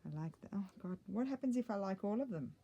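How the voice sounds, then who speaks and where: A woman's voice: mid-range voice, expressive, quick pace, dark tone, breathy edge, highs cut off. A middle-aged woman chatting casually while she crafts, thinking aloud and muttering little asides to herself. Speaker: craft vlogger.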